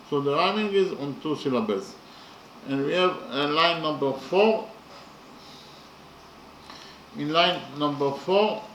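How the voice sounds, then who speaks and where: Slow, methodical man lecturing in an echoey room. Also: a little high, a bit bright. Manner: slow and methodical, with many pauses and fillers. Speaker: lecturer on poetry. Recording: echoey room with faint ambient noise.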